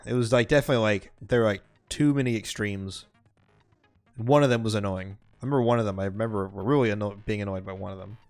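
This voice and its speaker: A man's voice: fairly low pitch, fast, a little mellow, soft background music. A man streaming a game live, reading the game's text aloud and chatting casually between lines with lots of fillers. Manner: casual, rambling, many fillers.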